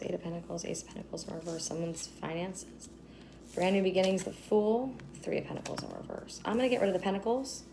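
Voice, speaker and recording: A woman's voice: on the low side, gravelly, darkish tone, a little hiss or hum, rough recording. A woman giving a casual tarot reading to her viewers, loose, profane and affirming. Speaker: tarot reader. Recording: music playing under the voice.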